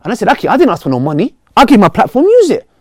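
A man, a Muslim preacher talking earnestly and passionately to his viewers, swinging between loud outbursts and quiet pleading. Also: sits high, wildly swooping pitch, racing, no echo, clean studio sound. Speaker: Muslim preacher and video creator. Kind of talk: heartfelt direct-to-camera talk.

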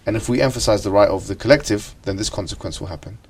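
A man leads an ethics lesson in a classroom with a somewhat low voice. He talks in questions, repeats himself and checks in with the students as he goes. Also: fast, breathy edge, far from the mic. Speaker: teacher.

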